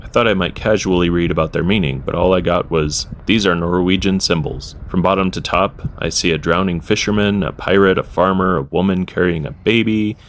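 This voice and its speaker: Young male vlogger, low-pitched, deadpan narration with dry wit. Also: a little fast, few pauses. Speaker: history vlogger.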